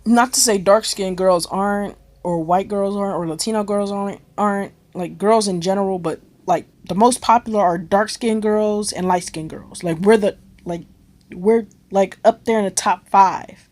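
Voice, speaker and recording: A woman's voice: mid-range voice, normal speed, darkish tone. A young woman from Cleveland telling a rambling, slang-filled story in a casual vlog, swearing freely. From Cleveland, United States. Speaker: vlogger.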